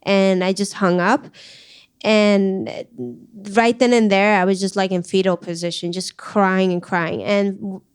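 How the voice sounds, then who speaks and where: A woman guest in an interview, telling her own story candidly with many fillers and halting restarts. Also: mid-range voice, steady tone, smooth. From Iran. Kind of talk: emotional personal interview.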